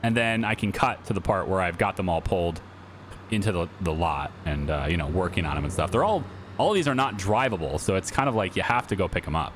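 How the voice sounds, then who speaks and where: A man's voice: low-pitched, animated, quick pace, a little hiss or hum. A man in his thirties chatting casually over gameplay, joking and sarcastic with his viewers. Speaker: gaming YouTuber.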